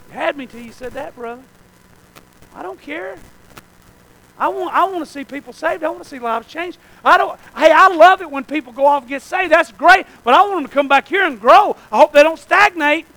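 A male preacher with a remarkably high, sharp and forceful voice delivers a fervent revival sermon. He keeps checking in with the congregation and sometimes rises into shouts. The sound is dry and close, with no room echo. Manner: fervent, calls out "amen?" to the congregation; breaks into shouts at high points.

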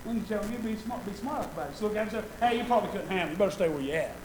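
A man preaching a sermon in a conversational way, with joking asides, then building to loud fervent peaks. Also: high voice, rapid-fire, slight background noise, rough recording. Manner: conversational, self-deprecating asides with laughter. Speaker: pastor.

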